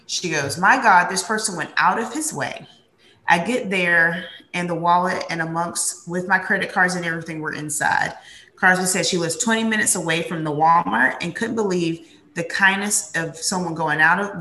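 A woman's voice: fairly low pitch, sharp tone, roomy sound. A woman co-hosting a podcast, chatting casually with many fillers. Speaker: podcast co-host.

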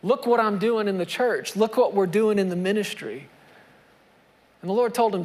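A male pastor with a high voice preaches with emphasis and returns to the same phrases. His words ring out with a long reverb, as in a large church sanctuary. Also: normal speed, darkish tone. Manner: repetitive, emphatic preaching with scripture reading. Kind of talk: sermon.

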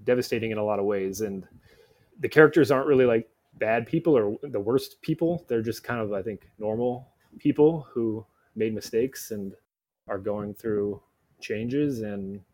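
Male critic guest, low voice, loose rambling podcast talk. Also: normal speed, a little mellow. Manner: rambling, lots of "like" and "uh" fillers. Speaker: film critic, guest correspondent. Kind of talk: casual podcast conversation.

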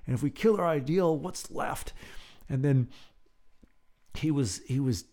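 A man hosting his own podcast, telling rambling everyday stories with chuckles and restarts, then slowly and softly guiding a breathing exercise. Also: fairly high pitch. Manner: slow and soft when guiding breathing. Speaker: podcast host. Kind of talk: casual storytelling, then a guided breathing exercise.

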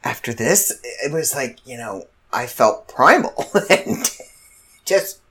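A woman hosting her own podcast, telling a story in a casual monologue. She speaks at an unhurried pace, and her pitch swings up and down as she gets animated. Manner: animated, laughs while telling a funny story. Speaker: podcast host.

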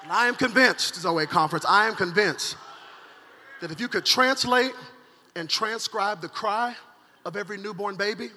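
A male pastor preaching a dramatic sermon at a conference, swinging between loud acted cries and hushed, intense passages. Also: high voice, moderate pace, noisy background. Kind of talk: energetic sermon. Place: large conference hall. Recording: live sermon with hall reverb and faint music.

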